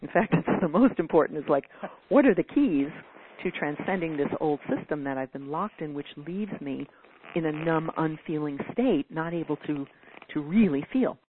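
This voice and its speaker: A woman's voice: deep voice, expressive, moderate pace, slight background noise. A woman giving a teaching talk, answering a caller's question in an earnest way and now and then acting out whiny quoted voices. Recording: dry phone-like audio.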